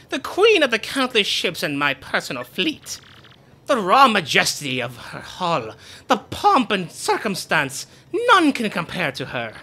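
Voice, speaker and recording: A man's voice: sits high, pushed and bright, exaggerated voice. A man voicing a pompous, boastful rich male sailor-merchant in a video game, grandiose and theatrical. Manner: grandiose, theatrical, self-admiring. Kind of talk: reading game dialogue aloud.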